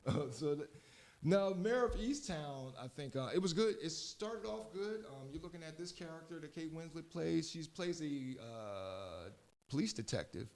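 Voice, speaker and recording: A man's voice: fairly high pitch, lively intonation, moderate pace, a little mellow. A man with a Philadelphia-area accent, hosting a radio show in a rambling, chatty way, often correcting himself mid-sentence. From southeastern Pennsylvania. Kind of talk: casual talk radio chat.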